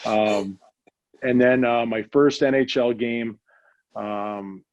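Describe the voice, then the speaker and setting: A man's voice: medium pitch, fairly even intonation, slow pace, no room sound. A middle-aged man from the United States spins casual stories with a mid-range voice, circling back and restarting his sentences. The sound is a little dull and lo-fi, like a modest podcast recording. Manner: rambling, many restarts and fillers. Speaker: guest, hockey executive. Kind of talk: casual storytelling interview.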